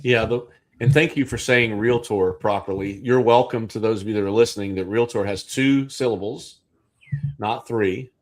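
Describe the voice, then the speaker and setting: A man's voice: on the low side, normal speed. A man hosting a casual livestream discussion as a real estate agent, thinking aloud with restarts.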